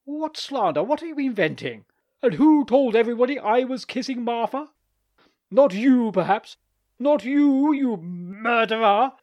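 Man doing a furious, shouting accuser. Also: sing-song, a little slow, dull audio. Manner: shouting, high and strained.

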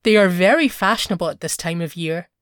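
A woman's voice: on the low side, fairly quick, fairly bright tone, no room sound, lightly acted. Woman doing a nervous clerk husband, earnest and coaxing, dry close sound. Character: anxious eager-to-please husband, a modest clerk.

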